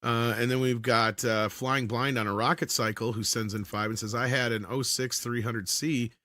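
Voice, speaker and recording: A man's voice: medium pitch, moderate pace, dry recording. Man, stream host, reads chat comments, dry close sound. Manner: relaxed, reads donor comments aloud. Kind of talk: casual live-stream chat.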